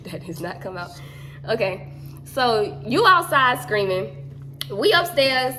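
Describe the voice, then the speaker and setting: A woman telling a story in a casual chat, animated and slangy. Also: fairly high pitch, slow pace, slight background noise.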